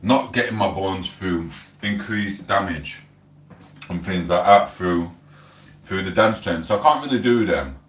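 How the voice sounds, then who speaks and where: A man's voice: deep voice, measured pace, a bit bright, distant mic. A middle-aged English man hosting a casual livestream at home, chatting in a wandering way while he eats and reads chat aloud. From England. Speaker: livestream host. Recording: roomy sound, voice away from the mic.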